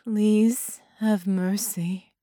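A woman's voice: medium pitch, very slow, dry recording, studio quality. A woman doing a weary, lifeless captive. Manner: tired, monotonous, whispered. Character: exhausted captive woman, flat then fierce.

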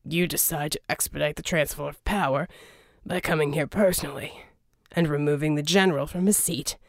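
A woman voicing a crude, blunt male mercenary in a lowered voice for an audiobook. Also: fairly even intonation, a little fast, dry recording, clean studio sound. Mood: sardonic.

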